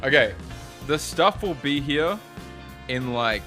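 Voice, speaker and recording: Australian man with a bright, forceful voice. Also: mid-range voice, lively intonation, soft background music. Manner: rambling, profane, quick asides. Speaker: livestreamer. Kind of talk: casual stream chat.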